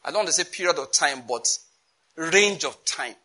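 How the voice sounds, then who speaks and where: A man's voice: on the high side, lively intonation, poor audio. A man teaching a sermon on prayer, emphatic, often checking that listeners get his point. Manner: reads scripture slowly and loudly. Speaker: preacher.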